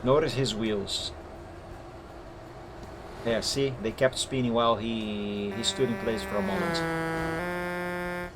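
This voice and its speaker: A man at an ordinary middle pitch talks through gameplay clips as a live streamer and server moderator. He explains each point methodically, step by step. Soft music runs faintly behind him. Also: slow, pauses often. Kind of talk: live-stream commentary reviewing gameplay footage. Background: faint background music.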